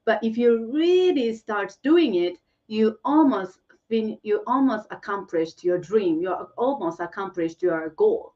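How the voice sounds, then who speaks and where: A woman's voice: medium pitch, animated, warm tone, distant mic, lo-fi sound. Chatty Korean-native woman teaching online. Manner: chatty, laughs often, repeats phrases slowly. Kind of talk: live online lesson answering viewer questions.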